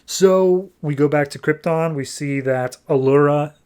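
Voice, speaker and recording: A man's voice: a little high, unhurried, darkish tone, smooth. A man hosting a comic podcast, retelling a story in a chatty, filler-heavy way. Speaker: comic book podcast host. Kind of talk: casual comic recap.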